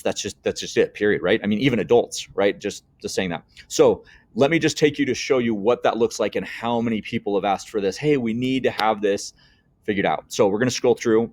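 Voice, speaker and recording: A middle-aged man, an educator, walking through a software tutorial in an earnest, heartfelt way with many restarts. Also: fairly low pitch, dry recording. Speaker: educator running a tech tutorial channel. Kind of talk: screen-share software tutorial.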